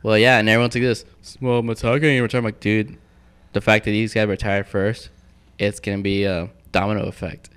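A man chatting casually as a podcast guest, telling animated stories and acting out quotes. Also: on the low side, brisk, clean tone. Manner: animated storyteller, acts out quotes. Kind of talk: casual chat.

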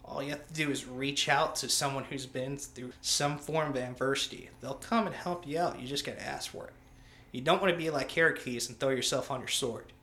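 A man's voice: medium pitch, fairly quick. Blunt, profane man in an echoey room. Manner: blunt, profane, animated storyteller. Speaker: interview guest, military veteran. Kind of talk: casual conversational storytelling. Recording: roomy echo, faint ambient noise.

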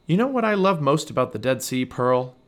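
A man doing an excitable squirrel. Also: medium pitch, a little fast, lightly acted. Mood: excited. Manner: eager, bouncy and excitable. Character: excitable adventurous male squirrel.

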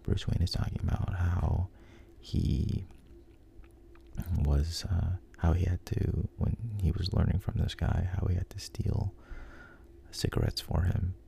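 A man with a very deep, gravelly voice tells a story in a hushed whisper. His tone is dark and mellow, and he talks in an unhurried way with pauses and restarts. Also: steady tone, slight background noise. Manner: soft, unhurried, with frequent ums and restarts.

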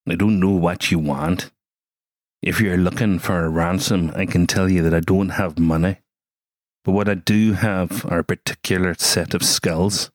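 A man's voice: no echo, studio quality. A man doing a grim Northern Irish tough guy. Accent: attempted Northern Irish. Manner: low, slow, menacing and measured. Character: grim middle-aged man threatening a kidnapper.

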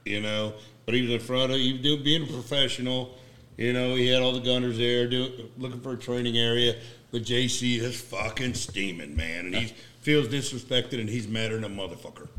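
A man in a casual chat with friends, jumping in loud and profane to tell his side of a story. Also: mid-range voice, fairly even intonation, a little fast.

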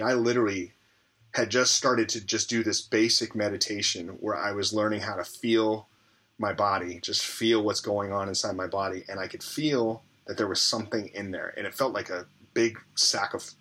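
Husky, forceful man telling his story. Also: fairly low pitch, fairly quick. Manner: rambling, heavy on fillers and restarts. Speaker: interview guest. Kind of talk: candid personal storytelling.

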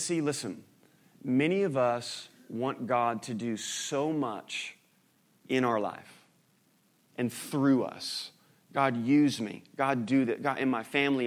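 A man preaching a sermon in a conversational way, asking his congregation questions and joking with them. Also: medium pitch. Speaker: pastor.

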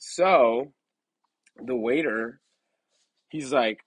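Young man, podcast host, casual storytelling, rambling, swears, lots of fillers, mid-pitched voice. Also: normal speed, fairly bright tone, no echo, poor audio.

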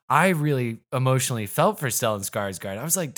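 A man in casual podcast chat, his voice sitting at an ordinary middle pitch. He talks in an animated way, laughs easily and swears freely. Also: a little fast. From New England. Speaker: podcast co-host.

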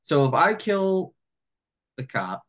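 A man co-hosting a casual podcast, retelling film scenes in a loose, animated way, full of "like" and casual swearing. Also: on the high side, slow pace, lo-fi sound. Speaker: podcast co-host. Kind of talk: casual film discussion chat.

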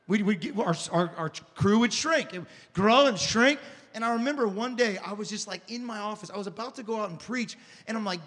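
A man in his thirties preaching a sermon, with a high, animated voice that swings between hushed confession and loud shouting. He stumbles, repeats himself, and restarts lines as the story pulls him along. Long reverb from the church hall trails after every phrase. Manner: repeats words and restarts often. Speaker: pastor.

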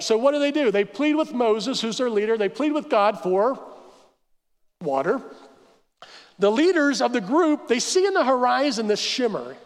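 A man preaching a sermon as pastor, telling the story with animated asides and acting out the crowd's complaints. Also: extremely high pitch, normal speed. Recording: church hall reverb.

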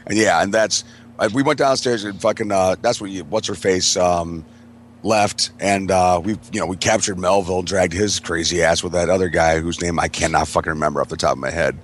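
A man with a fairly low voice tells a loose, rambling story, swearing constantly and laughing as he goes. Faint room ambience sits quietly behind him on this casual podcast recording. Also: fairly even intonation, a little fast, slight background noise. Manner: profane, rambling, laughs often. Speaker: podcast co-host. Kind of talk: casual storytelling among friends.

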